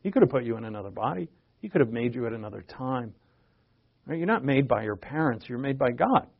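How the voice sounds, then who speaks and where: A man's voice: medium pitch, animated, quick pace, gravelly. A man in his fifties preaching a conversational Bible sermon, asking rhetorical questions and often restarting his sentences. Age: 50s. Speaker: pastor. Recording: dull lo-fi recording.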